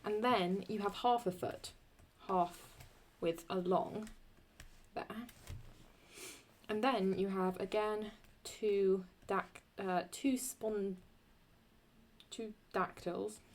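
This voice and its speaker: A young woman explaining Latin verse in a casual, halting way, often stopping to correct herself as she writes. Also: mid-range voice, slight background noise. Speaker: Latin teacher.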